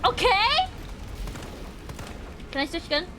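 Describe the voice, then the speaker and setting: A woman streamer narrates her gameplay in an excitable, yelping way, her very high voice swinging widely in pitch. She talks at an unhurried pace. Steady noise hums behind her. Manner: excitable, yelps and laughs while playing. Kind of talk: live gameplay commentary.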